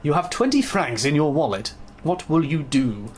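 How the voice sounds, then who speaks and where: A man's voice: fairly high pitch, sing-song, moderate pace. A young British man hosting a let's play, reading game text aloud and chatting playfully.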